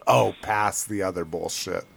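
A man hosts a podcast in easygoing chat. He talks slowly in a slightly low voice and drops casual swearing into his banter. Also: gravelly, slightly rough, no room sound. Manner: loose, swearing, laughing banter. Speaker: podcast host.

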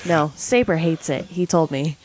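A woman co-hosting a casual podcast who throws in teasing jokes and quick wisecracks. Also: low voice, a crowd in the background, poor audio. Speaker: podcast co-host. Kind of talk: casual chat.

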